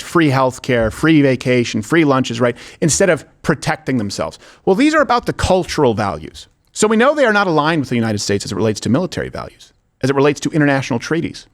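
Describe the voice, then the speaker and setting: A man hosting a political commentary show, talking emphatically and sarcastically, repeating his points for effect. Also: mid-range voice. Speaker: show host.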